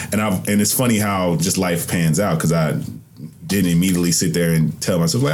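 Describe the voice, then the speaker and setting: A man's voice: sits low, fairly even intonation, moderate pace, a little mellow, slight background noise. A young man hosting a podcast, talking into a microphone in a reflective, rambling, colloquial way. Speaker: podcast host. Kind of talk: casual interview conversation.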